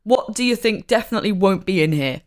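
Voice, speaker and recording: A woman playing a tabletop game with friends, animated and quick to laugh. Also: mid-range voice. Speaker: player. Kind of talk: tabletop role-play chat.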